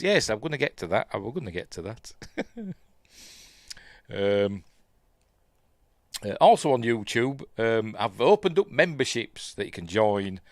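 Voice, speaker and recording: A man's voice: mid-range voice, no room sound, studio quality. A Yorkshire man hosting a live news stream in a casual, rambling way, often breaking off to mutter asides. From Yorkshire, England.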